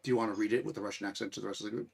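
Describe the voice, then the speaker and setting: A man's voice: fairly low pitch, steady tone, rapid-fire, gravelly, breathy edge. A man running a tabletop game as game master, explaining rules and correcting himself as he goes.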